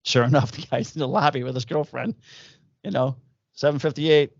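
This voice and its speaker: A man, a police officer and podcast co-host, telling a story from work in a casual, profane, animated way. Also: medium pitch, brisk, gravelly, no echo. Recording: dull lo-fi dry audio.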